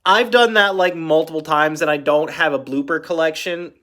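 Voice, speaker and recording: A man's voice: fairly high pitch, moderate pace, pushed and bright. A man hosting a casual reaction video, upbeat and rambling, often stopping to correct himself, with a voice that cracks now and then.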